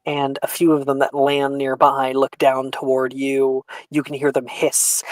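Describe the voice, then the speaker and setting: A man running a tabletop game as game master, narrating dramatically and often dropping to a hush. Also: mid-range voice, completely flat delivery, a little slow, hardly any pauses, no echo, low-quality recording. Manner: dramatic, drops to a hushed voice for tension.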